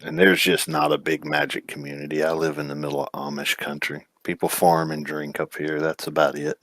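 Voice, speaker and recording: Guy from south carolina, real low voice, dry mic, kinda rambly and self-deprecating. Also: monotone, a little fast, fairly bright tone, no room sound. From South Carolina, USA. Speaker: player. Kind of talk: casual chat.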